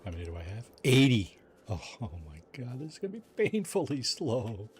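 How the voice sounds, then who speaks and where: A man's voice: medium pitch, big pitch swings, a little fast, husky. A man chatting casually while livestreaming a game, reading chat aloud and joking with his viewers. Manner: chatty, reads chat aloud, jokey asides. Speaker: streamer.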